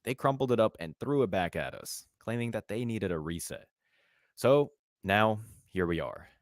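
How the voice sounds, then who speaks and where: A man reading scripted voice-over narration with a measured, grave delivery. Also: on the low side, animated, no room sound, studio quality.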